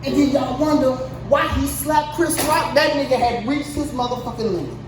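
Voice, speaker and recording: High-voiced woman ranting crudely, echoey room. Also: moderate pace, over music. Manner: heated, crude, incredulous, swings from mutter to yelling. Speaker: show host. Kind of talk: profane comedic rant. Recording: echoey, distant mic, noisy ambience.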